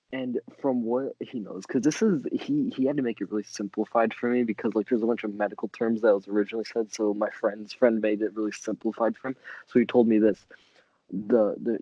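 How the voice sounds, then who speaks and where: A man's voice: lowish voice, darkish tone, no room sound. Young man, podcast co-host, rambling crude anecdote, dry close sound, dull lo-fi mic. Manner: rambling, laughing, crude storytelling. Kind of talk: casual storytelling chat.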